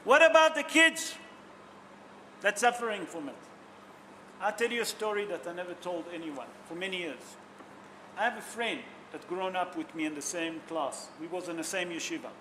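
Man, rabbi preaching, high voice, non-native english, emotional storytelling, faint background hiss. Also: a little fast, a bit bright. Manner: emotional storytelling, asks the audience questions. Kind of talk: sermon.

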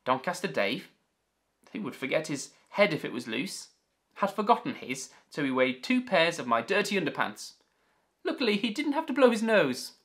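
A man's voice: on the high side, sing-song, moderate pace, a bit bright. A man voicing a bold old sea captain as he reads out his log, in a jolly, theatrical storybook style. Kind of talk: storybook reading.

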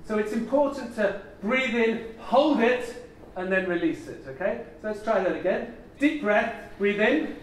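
A man leading a conference audience through an energetic voice warm-up, coaxing and theatrical, laughing often. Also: high voice, measured pace. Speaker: plenary speaker leading a voice warm-up. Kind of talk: leading a group vocal exercise at a conference. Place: large conference hall. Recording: very echoey hall, mic far off.

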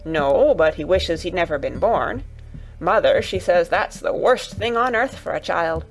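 A woman voicing a gentle, earnest farm boy in an audiobook reading, speaking in broad dialect over faint music. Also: lowish voice, expressive, unhurried. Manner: broad dialect, warm and coaxing.

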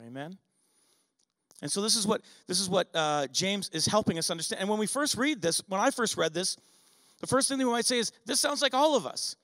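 A middle-aged man with a fairly high voice delivers a conversational church sermon. He leans on rhetorical questions and asks the listeners for an "amen" often. His voice rings with a long reverb that trails off in a large sanctuary. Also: fairly bright tone. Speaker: pastor.

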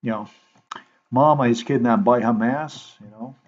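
A man talking to his viewers in a rambling, halting way while he edits a video, repeating himself and filling gaps with "you know". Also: medium pitch, breathy edge, muffled recording. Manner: repetitive, halting, thinks aloud with many fillers. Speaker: video maker.

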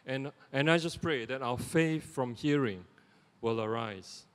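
A middle-aged man with a Singaporean English accent, giving a lay sermon in a conversational, animated way with lots of "you know" asides. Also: mid-range voice, a little slow, clear, resonant tone. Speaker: lay preacher. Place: church sanctuary. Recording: long church reverb.

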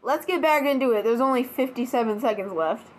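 A woman's voice: a little high, lively intonation, a little fast. A woman hosting a reaction video at home, rambling casually with lots of fillers. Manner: rambling, filler-heavy talk.

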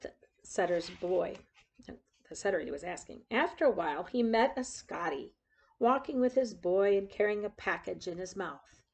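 A woman reading a picture book aloud in an expressive storyteller way, pointing out the pictures as she goes. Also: mid-range voice, normal speed, vocal fry.

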